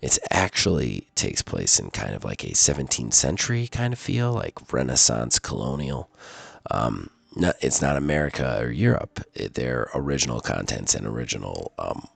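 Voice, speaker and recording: A man's voice: rumbling low, big pitch swings, moderate pace, no room sound. A man reviewing a video game, speaking through a sickness that leaves his voice congested, rambling with fillers and restarts. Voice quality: gravelly. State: sick, congested voice.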